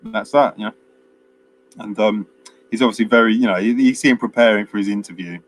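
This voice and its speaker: A man's voice: lowish voice, fast talker, slight background noise. A man, chatting casually as a podcast co-host and retelling film scenes at length with many fillers. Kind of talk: casual film review chat.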